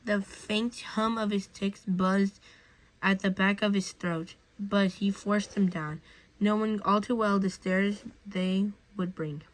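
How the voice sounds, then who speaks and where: A woman's voice: mid-range voice, fairly even intonation, slow, poor audio. A woman reading a fan fiction story aloud in a casual way, with slips and restarts.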